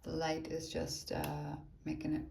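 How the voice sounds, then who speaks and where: A woman's voice: sits low, monotone, unhurried, vocal fry, darkish tone, echoey room. A woman leading a live phone tutorial for teachers, chatty and thinking aloud as she taps through the steps. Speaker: teacher trainer.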